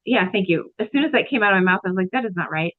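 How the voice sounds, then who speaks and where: A woman's voice: medium pitch, lively intonation, racing, dry recording. A woman co-hosting a podcast, affirming and supportive as she chats with a guest. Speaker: podcast co-host. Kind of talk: casual conversation. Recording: dry, phone-like remote audio.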